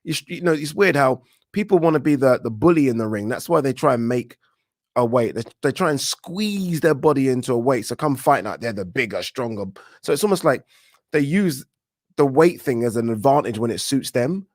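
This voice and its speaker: A man hosting a casual livestream, reading out viewer comments and giving animated, opinionated takes with frequent restarts. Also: medium pitch, brisk, dry recording, studio quality. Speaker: boxing channel host.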